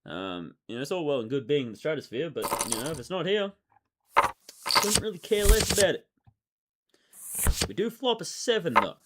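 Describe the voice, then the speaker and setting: A man giving casual running commentary as he plays online poker, thinking aloud and swinging from excited outbursts to low muttering. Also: normal speed, pauses often, heavy background noise.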